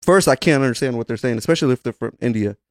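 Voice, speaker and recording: A man's voice: medium pitch, lively intonation, very fast, no echo, clean studio sound. A man in a casual chat, blunt and joking.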